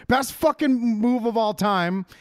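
Brash, ranting high-voiced man. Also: a little slow, clear, resonant tone, dry recording, clean studio sound. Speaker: podcast co-host. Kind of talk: casual profane wrestling chat.

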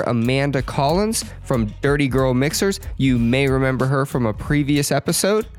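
A woman hosts a relaxed drink-tasting chat with an upbeat, easygoing delivery. Her voice sits remarkably low for a woman, and a faint bed of music plays behind her. She sounds at ease leading the group. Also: normal speed, hardly any pauses. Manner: upbeat show intro. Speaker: host. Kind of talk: casual chat.

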